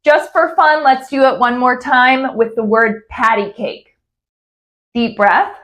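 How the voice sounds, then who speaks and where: Slow, precise woman speech coach. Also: a little high, fairly even intonation, fairly bright tone. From California. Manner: slow, over-articulated, modeling drills. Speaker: speech therapist. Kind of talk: instructional exercise guide.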